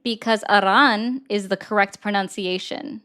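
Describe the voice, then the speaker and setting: A woman hosting a political commentary show, debating a man with pointed, rapid-fire questions. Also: medium pitch, fairly even intonation, a bit bright. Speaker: host. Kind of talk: argumentative debate.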